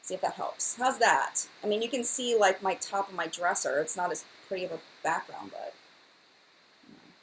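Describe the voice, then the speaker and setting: A woman hosting a makeup livestream at home, talking quickly and chattily as she reads out viewer comments. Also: medium pitch, animated, a little hiss or hum, rough recording. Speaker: beauty channel host. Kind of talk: live-stream chat about makeup. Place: home room by her dresser.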